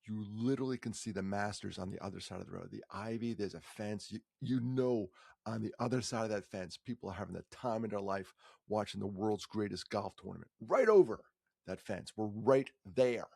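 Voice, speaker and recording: Man, 50s, from New York, chatty storyteller, gravelly voice, dry close sound. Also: lowish voice, brisk, no echo. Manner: chatty, joking asides, lively stress. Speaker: nonprofit founder telling a personal story. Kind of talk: casual personal storytelling.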